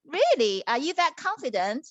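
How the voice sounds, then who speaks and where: A woman's voice: sits high, very animated, moderate pace, lo-fi sound, noisy background. A woman doing a cold, cruel princess. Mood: haughty.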